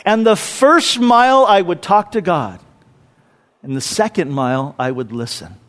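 A middle-aged man preaching a sermon, swinging between loud emphasis and hushed, whispered lines. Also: sits high, expressive, unhurried. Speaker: pastor.

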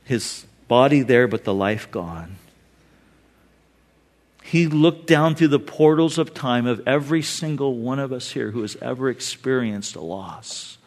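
A man preaching a sermon as pastor, reading scripture aloud and retelling it in casual words, slowing down for emphasis. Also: medium pitch, expressive, a little mellow. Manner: reads scripture aloud, then paraphrases it in casual talk; slows for emphasis and asks the audience to read along.

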